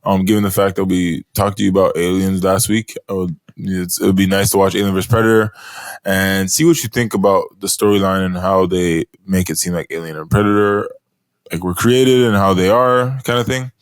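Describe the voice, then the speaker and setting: Male podcast co-host, low voice, relaxed filler-heavy banter, dry mic. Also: fairly quick, dry recording. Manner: laid-back, many fillers. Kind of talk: casual chat.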